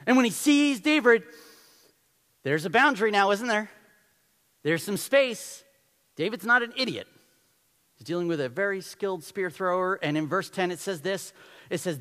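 A man preaching a sermon in a fairly high voice, telling the story with animated energy and briefly acting out the characters. His voice carries a long reverb, as if from a large hall. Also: moderate pace. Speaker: pastor.

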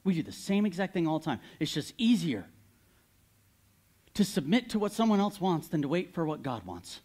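Animated male preacher telling a story. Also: fairly high pitch, moderate pace, breathy edge. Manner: animated storytelling, candid, occasional laughs. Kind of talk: sermon.

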